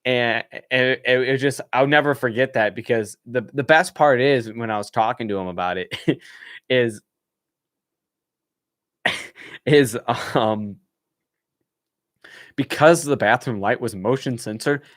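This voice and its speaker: A young man with a middle-pitched voice tells a rambling story on a live stream. He talks casually, laughs often, and slips into the voices of the people he describes. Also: measured pace, pauses often, dry recording, studio quality. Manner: animated, laughs often, acts out what people said.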